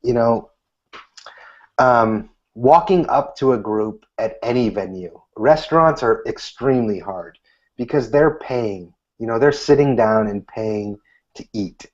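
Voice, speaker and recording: Animated man in his thirties, dull recording. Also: medium pitch, measured pace. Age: 30s. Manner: animated, acts out quoted lines in a lifted voice. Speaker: magician guest. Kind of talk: casual interview answers.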